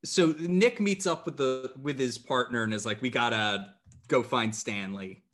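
A man co-hosting a podcast, recapping a TV episode in a measured, thoughtful way with lots of fillers. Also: mid-range voice, a bit bright, soft background music. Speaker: podcast co-host. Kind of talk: casual chat recapping a TV episode.

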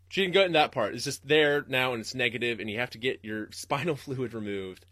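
A young podcast host rants and rambles solo, swearing a lot and laughing often. His medium-pitched voice is pushed and bright, a little fast with few pauses, captured in a dry, studio-quality recording.

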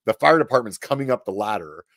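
A man's voice: lowish voice, fast, no room sound, studio quality. Casual middle-aged man telling a war story. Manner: animated, swearing, many "like" fillers. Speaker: podcast guest.

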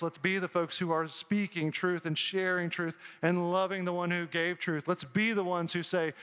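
A man's voice: sits high, little pitch movement, moderate pace, few pauses, fairly bright tone, smooth. A man preaching an earnest sermon as a pastor, reading scripture and explaining it to his congregation. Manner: earnest, preaching with rising emphasis. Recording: long hall reverb.

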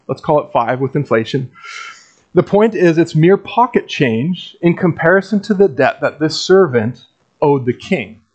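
Wry conversational pastor, slightly high voice. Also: male voice. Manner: conversational and wry, with dry asides. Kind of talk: sermon.

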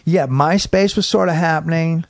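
A man's voice: on the high side, normal speed, creaky, no echo, studio quality. A middle-aged male comedian telling a long, profane story in casual chat, acting out bits of it. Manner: profane, animated, acts out bits. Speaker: comedian guest. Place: home studio man cave. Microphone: podcast mic.

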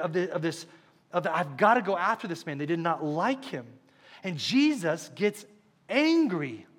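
A male pastor preaching a sermon to his church, stressing points by repeating them and swinging between hushed and loud. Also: on the high side. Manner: emphatic, repeats key phrases, shifts between hushed and loud. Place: church service.

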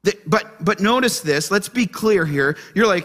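A male pastor delivers a sermon in church, his voice bright and somewhat high for a man. He talks with lively energy, firing questions at the congregation and then dropping down for quieter, gentler points. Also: moderate pace, few pauses. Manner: animated, asks the congregation questions.

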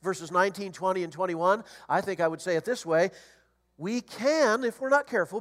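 A middle-aged or older man preaching a sermon as a guest preacher, animated and storytelling, rising to loud emphasis. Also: sits high, normal speed.

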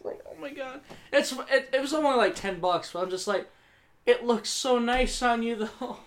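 A woman co-hosting a casual podcast chat, telling animated stories and swearing freely. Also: on the high side, normal speed. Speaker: podcast co-host.

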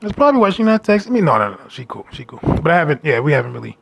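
A man telling a rambling story about a date in a brash, casual monologue with loud asides. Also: a little high, big pitch swings, rapid-fire, creaky, slight background noise. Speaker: dating storyteller.

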